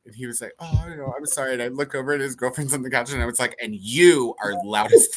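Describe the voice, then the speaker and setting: A woman's voice: extremely low pitch, racing, crowd noise. A woman co-hosting a reading livestream, chatting casually and telling stories with lots of laughter. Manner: animated storytelling, laughing often. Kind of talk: casual chat.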